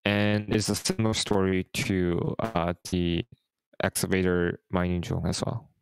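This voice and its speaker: A man's voice: low-pitched, flat delivery, a little slow, vocal fry, clean tone, no room sound, poor audio. A man hosting a casual live stream, talking through market charts in a hesitant way with many fillers and restarts. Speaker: host.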